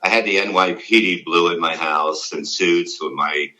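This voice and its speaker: A man's voice: low voice, moderate pace, low-quality recording. A middle-aged man, a comedian telling rambling, profane stories in an interview. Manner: profane, rambling, animated retelling. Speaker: comedian guest. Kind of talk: candid interview storytelling.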